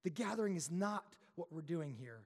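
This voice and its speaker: A young adult man preaching a sermon as pastor, an animated storyteller who builds tension and then drops quiet. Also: on the high side, moderate pace. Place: church sanctuary. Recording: long hall reverb.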